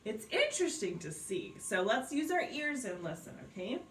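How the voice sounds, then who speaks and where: A woman's voice: fairly high pitch, very animated, moderate pace, a bit bright, a little hiss or hum. A woman teaching a beginner piano lesson, explaining patiently, counting aloud and checking in with her students. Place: indoors at a piano. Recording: roomy sound from off-mic, piano behind.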